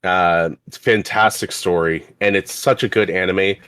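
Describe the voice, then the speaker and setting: A young man from Canada co-hosts a loose podcast chat, talking in a somewhat low voice. He rambles through his points and laughs often, and the sound is dry and close. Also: steady tone, normal speed, a bit bright, clear, resonant tone, no echo. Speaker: podcast co-host.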